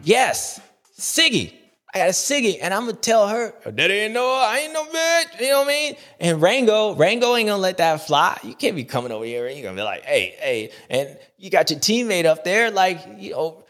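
A man's voice: high-pitched, very animated, a little fast, fairly bright tone. Playful slangy man rambling recap. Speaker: show host. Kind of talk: casual rambling recap monologue.

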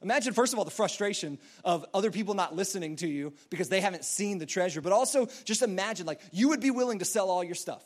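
A man's voice: sits high, lively intonation, fast talker, hardly any pauses. A man preaching a sermon in a casual, rambling storytelling way, full of fillers and restarts. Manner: acts out quoted voices in a story.

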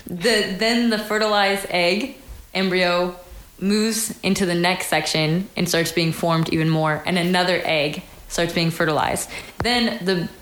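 A woman's voice: on the low side, a little slow, fairly bright tone. A woman guest on a casual podcast chat, explaining things step by step with dry teasing. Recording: roomy echo, faint noise.

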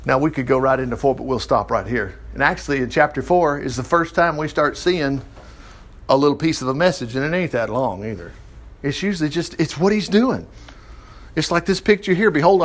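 A man teaching the Bible in a casual, chatty way, acting out the quotes and closing in prayer. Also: on the high side. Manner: chatty, animated, acts out quotes. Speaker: pastor.

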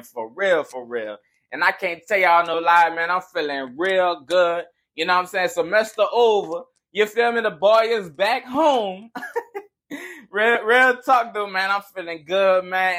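A man's voice: sits high, a bit bright. A young man hosting a motivational podcast, talking in a hyped, preachy way and often asking "you feel me". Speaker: podcast host.

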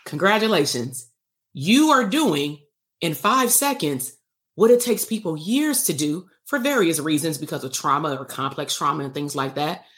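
A woman therapist teaching casually on a livestream, animated and playful, acting out exchanges and swearing lightly. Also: lowish voice. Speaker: therapist leading workshops.

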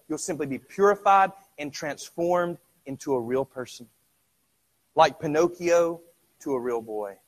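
A middle-aged man preaching a sermon in a conversational way, asking the congregation rhetorical questions, sometimes dropping to a hush and then rising loud. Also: a little high, unhurried. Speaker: pastor.

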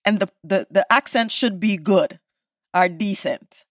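Speaking at a measured pace with a medium-pitched voice, a Caribbean-accented woman from the Caribbean chats casually and emphatically as a podcast guest, frequently adding tag questions. She is also a podcast creator, and the audio is clean studio sound without room tone.

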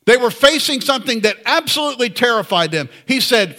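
Male preacher, bright voice, earnest and conversational. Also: very high-pitched, sing-song, fairly quick, hardly any pauses. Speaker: pastor. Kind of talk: sermon.

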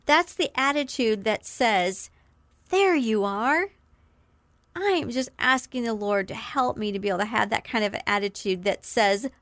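A woman's voice: on the high side, no echo. Earnest woman giving a devotional talk. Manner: earnest, warm encouragement with slow emphatic quotes. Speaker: podcast host.

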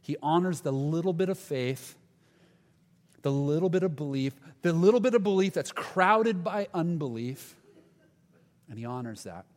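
A man's voice: on the high side, animated, moderate pace, a little mellow. Man preaching in an echoing hall. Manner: conversational preaching, acts out Bible dialogue. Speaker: pastor. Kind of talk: sermon. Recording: long reverb of a large hall.

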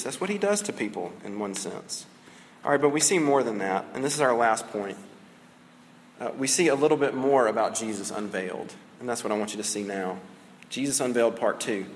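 A man's voice: mid-range voice, animated, brisk, in a large hall, a little hiss or hum. A man preaching a sermon as a pastor, conversational and casual, often saying "like" and "right?".

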